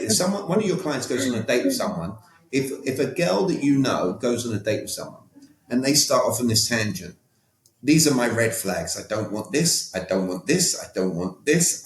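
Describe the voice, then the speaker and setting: A man with a British accent, speaking as an interview guest who coaches on communication. He talks emphatically and directly, often checking in with "all right?". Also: mid-range voice. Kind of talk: casual interview talk. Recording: roomy echo.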